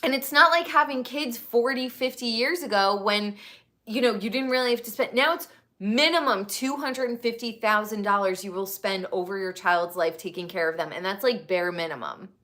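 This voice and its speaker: A woman's voice: mid-range voice, moderate pace, sharp tone. An American woman in her thirties hosting a casual live stream, speaking candidly and swearing freely while talking to her chat. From United States. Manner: candid, profane, talks to chat viewers. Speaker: livestream host.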